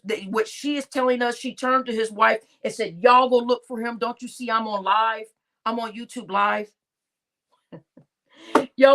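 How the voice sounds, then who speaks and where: A woman doing casual live-stream commentary, animated and exasperated, stammering through restarts and talking to her chat. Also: on the high side.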